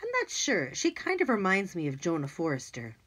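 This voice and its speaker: Woman doing an excitable eleven-year-old boy, insistent, lively pitch, audiobook. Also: fairly quick, slightly rough, exaggerated voice. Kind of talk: audiobook character voice.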